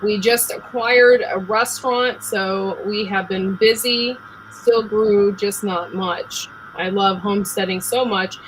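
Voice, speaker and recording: A woman's voice: mid-range voice, fairly even intonation, takes it slowly, slight background noise, low-quality recording. A woman hosting a casual live chat, talking chattily and laughing often. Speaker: host.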